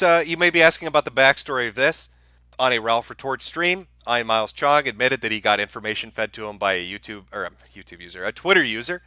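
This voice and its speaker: A man rants through a live-stream commentary, sarcastic and full of swearing. His voice is very bright and swings up and down in pitch, recorded close and dry. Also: dry recording. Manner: heated, profane, sarcastic rant. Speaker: streamer host.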